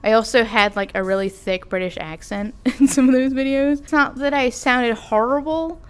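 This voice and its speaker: A woman's voice: on the high side, moderate pace, smooth. A young adult woman vlogging in a casual, rambling, self-deprecating chat with giggly asides. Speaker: vtuber vlogger.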